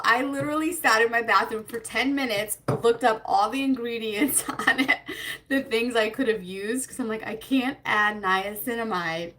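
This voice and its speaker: A fairly high, bright woman's voice with a lot of sparkle, chatting through a relaxed beauty live stream. She rambles, loses her train of thought and greets viewers by name, with a nervous little laugh now and then. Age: adult with a child. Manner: nervous, self-conscious laughter. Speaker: beauty livestream host. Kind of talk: casual live-stream chat.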